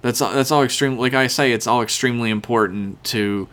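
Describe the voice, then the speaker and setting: A man's voice: medium pitch, brisk, a bit bright. Laid-back swearing podcast guy. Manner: rambling, laughing, crude casual. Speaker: podcast co-host. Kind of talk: casual podcast chat with swearing.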